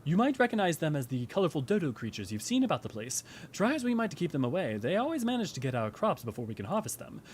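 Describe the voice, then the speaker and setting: A man's voice: fairly high pitch, sing-song, fast talker, few pauses, slight background noise. A man voicing an eager, helpful male camp worker in a game who chats cheerfully while handing out a task. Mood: friendly.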